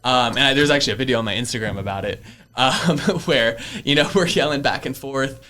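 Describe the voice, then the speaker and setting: Recorded in a podcast studio, this casual storytelling interview features a real estate investor guest in his early 20s. His bright, mid-range voice moves a little fast as he chats, laughs frequently, and fills his speech with fillers.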